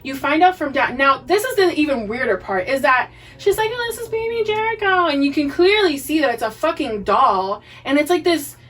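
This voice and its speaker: A woman's voice: high-pitched, normal speed, few pauses. A woman with a Boston accent co-hosting a podcast, casually recapping a TV series, swearing freely and acting out the characters' lines. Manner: profane, animated, acts out characters' lines. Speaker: podcast co-host. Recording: distant mic, poor audio.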